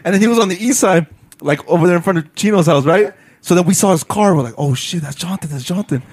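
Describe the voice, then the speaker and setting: Man, casual story, slangy and profane, quick talker, dry close sound. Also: high-pitched, a little mellow, no room sound. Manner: slangy, profane, laughs often.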